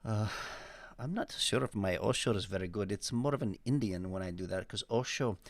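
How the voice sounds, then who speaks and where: A man co-hosting a podcast, chatting in a relaxed, joking way. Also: on the low side, brisk, no room sound. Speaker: podcast co-host. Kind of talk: casual podcast chat.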